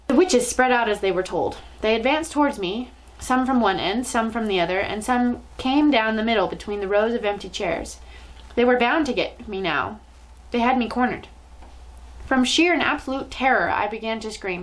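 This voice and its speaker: Storytime reader: a woman with a slightly high voice, telling a children's book with drama. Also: moderate pace, rough recording. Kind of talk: reading a children's novel aloud.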